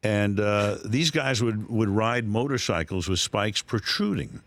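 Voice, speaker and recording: A man's voice: lowish voice, measured pace, a bit bright, no echo. An older man, a sports broadcaster being interviewed, telling anecdotes with laughter and rising quoted voices on a studio mic. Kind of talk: storytelling interview.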